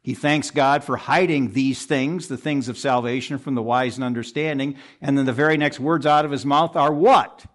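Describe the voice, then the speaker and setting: A man preaching an expository sermon to a congregation in a room, earnest and pressing, jumping up for emphasis and dropping low and quiet at the ends of verses. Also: moderate pace, few pauses. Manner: earnest, pressing, rises sharply for emphasis then drops low. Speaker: pastor.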